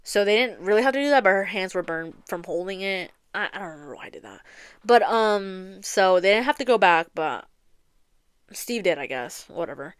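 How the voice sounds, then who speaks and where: A woman's voice: medium pitch, expressive, normal speed, smooth, no room sound, studio quality. A young woman hosting a podcast, retelling a story in a rambling, casual way, full of filler words and swearing. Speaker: podcast host. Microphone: close studio mic, audio only.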